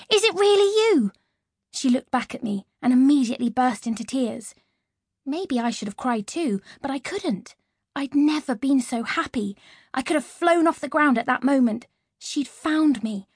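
Woman audiobook narrator, first-person, lively and expressive, breathy, fairly high, dry close studio mic. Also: normal speed, no room sound.

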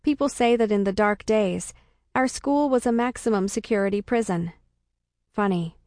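A woman narrating a first-person comic story with a dry, deadpan delivery. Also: medium pitch, moderate pace, no echo. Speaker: audiobook narrator.

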